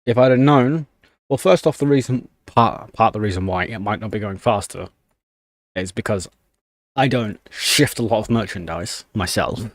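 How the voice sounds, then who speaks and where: A man's voice: lowish voice, moderate pace, dry recording, studio quality. Annoyed man ranting on stream. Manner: annoyed, ranting while typing commands. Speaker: livestreamer. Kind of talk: casual live stream chat.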